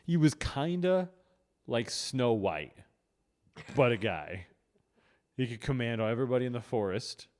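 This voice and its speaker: A man's voice: medium pitch, animated, unhurried, pauses often, darkish tone. A man co-hosting a podcast in casual comedic chat, rambling with lots of "like" and restarts. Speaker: podcast co-host.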